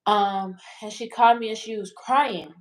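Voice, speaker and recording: A woman's voice: medium pitch, fairly even intonation, moderate pace, low-quality recording. A woman being interviewed, telling a personal story in a rambling, emotional way with many fillers. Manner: rambling, emotional retelling full of "like". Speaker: interview guest.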